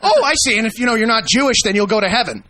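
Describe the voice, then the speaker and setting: A high, bright-voiced man hosts a radio talk show with brash, profane sarcasm. He cuts in on his guest and jeers at him. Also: animated, very fast. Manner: profane, mocking, talks over the guest. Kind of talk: combative radio interview.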